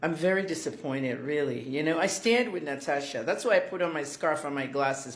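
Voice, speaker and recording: A woman's voice: low-pitched, expressive, normal speed, few pauses, reverberant. A woman giving chatty, indignant commentary to her fans in a casual vlog.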